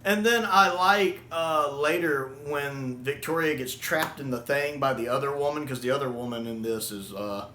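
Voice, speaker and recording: A man casually reviewing a show, enthusiastic and quick to laugh. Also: mid-range voice, pushed and bright. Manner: enthusiastic, laughs often, acts out quotes. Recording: echoey room with faint hiss.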